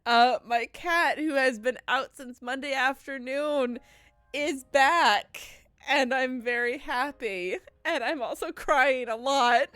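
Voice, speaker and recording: A woman with a high, fairly bright voice speaks slowly in a dry space with no room sound. She's live-streaming a game, rambling warmly through casual chat and greeting her viewers effusively.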